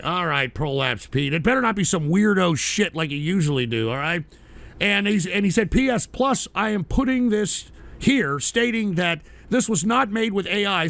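Loud profane ranting man. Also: high voice, creaky. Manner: boastful, profane, bursts into loud shouting. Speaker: radio show host. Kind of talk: crude ranting talk show.

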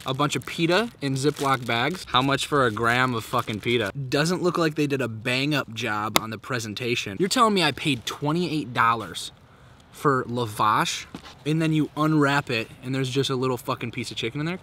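A man's voice: medium pitch, animated, normal speed, bright, forceful tone, a little hiss or hum. A man in his twenties, vlogging outdoors in a park and talking candidly and profanely in a casual reflective monologue. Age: 20s.

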